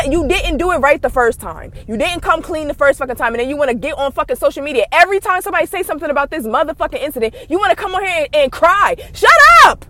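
Female podcast host, high-pitched, profane and scornful rant style. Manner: profane, scornful and heated, with sudden shouted outbursts. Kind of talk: blunt gossip commentary.

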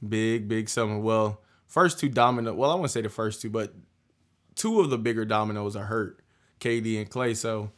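A man's voice: lowish voice, fairly bright tone. Laid-back man hosting a sports podcast. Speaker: podcast host. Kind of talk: casual sports podcast chat.

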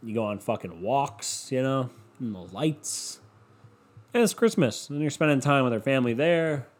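A man's voice: medium pitch, moderate pace. A man rambling through a casual solo monologue at home, swearing often and putting himself down. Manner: rambling, profane, self-deprecating.

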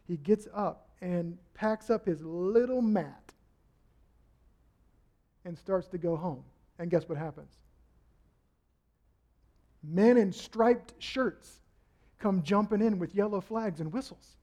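Male pastor, high voice, animated preaching delivery that acts out the people he quotes. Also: slow, long pauses. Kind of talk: sermon.

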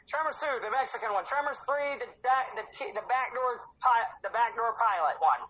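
A man's voice: extremely high pitch, normal speed, sharp tone. A man hosting a casual podcast chat, rambling, swearing freely and laughing at his own jokes. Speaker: podcast host. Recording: dull lo-fi sound.

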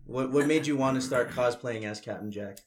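A man hosting a casual podcast chat, relaxed and laughing easily as he asks loose questions. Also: medium pitch, brisk. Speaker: podcast host.

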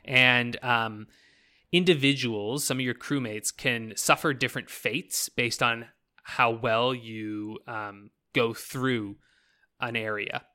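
A young Canadian man talks games in a loose, rambling chat. He swears often and gets worked up, then slips into silly put-on voices. His voice sits at an ordinary middle pitch. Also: slow. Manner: rambling, swearing, animated, breaks into mock voices. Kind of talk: casual chat about video games.

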